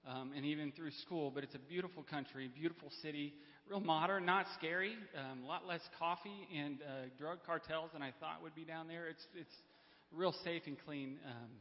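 A man speaks off the cuff from a church stage, stopping and restarting often and clearing his throat. His voice sits a little high for a man. The recording is dull and muffled, with a long reverb from the hall. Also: normal speed, few pauses. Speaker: church member speaking to congregation. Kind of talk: unprepared personal storytelling. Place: church sanctuary.

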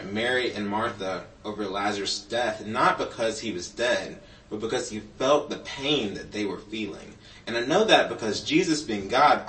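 A man's voice: lowish voice, fairly bright tone, recorded from a distance, slight background noise. A man giving a children's sermon in a church, telling stories playfully with a puppet and joking along the way. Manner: jokey asides. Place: church sanctuary. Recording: roomy, from off-mic.

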